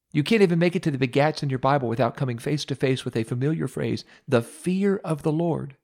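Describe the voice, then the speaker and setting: A man hosting a radio devotional, telling a humorous, self-mocking story with dramatic pauses. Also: medium pitch, vocal fry, a little mellow.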